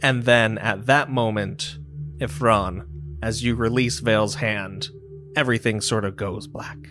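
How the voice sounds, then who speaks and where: Slow-talking man narrating a tabletop game. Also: lowish voice. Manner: relaxed, descriptive narration. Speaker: game master. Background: ambient music with singing bowl.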